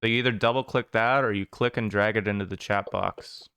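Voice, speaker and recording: Smooth, dry-voiced male game master. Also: lowish voice, fairly even intonation, brisk, fairly bright tone, dry recording. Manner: loose, filler-heavy descriptions. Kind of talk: describing scenes and running a tabletop game online.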